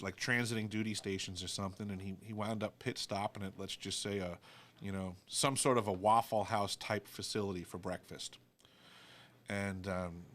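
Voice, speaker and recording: Male host, low-pitched, chatty raconteur who acts out the people in his anecdotes. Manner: animated storyteller doing character voices. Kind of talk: casual chat, storytelling.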